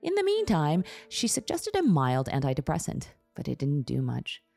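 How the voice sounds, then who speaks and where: A woman's voice: low voice, huge pitch swings, moderate pace, vocal fry, darkish tone, soft background music. A woman podcast host reading her memoir aloud in a candid, wry, self-deprecating way, close to the mic. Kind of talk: memoir narration.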